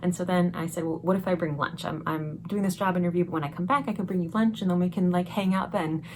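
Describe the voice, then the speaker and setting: A young woman vlogger telling a personal story in a chatty, excited way, laughing often. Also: on the low side, fast, background noise. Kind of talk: casual storytelling vlog. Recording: music playing behind the voice.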